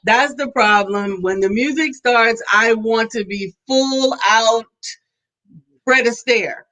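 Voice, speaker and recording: A woman in her fifties with a high voice co-hosts a live talk show. She chats playfully and now and then sings her greetings. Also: takes it slowly, bright, forceful tone, rough recording. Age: 50s. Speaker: co-host. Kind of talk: casual live show chat.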